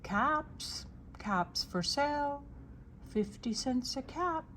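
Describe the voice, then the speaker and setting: An older woman voicing a frustrated male cap peddler in a storybook read-aloud, shouting in a shrill, strained voice. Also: expressive, slow, a little hiss or hum, full character voice. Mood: calling wares.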